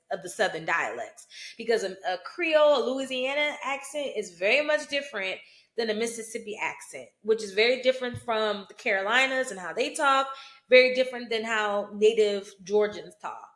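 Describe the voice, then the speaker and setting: A woman's voice: medium pitch, a bit bright, roomy sound. A woman who practices root work, giving a casual spoken commentary on a film, checking in often with "you know" and "right?". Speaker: hoodoo root worker and vlogger.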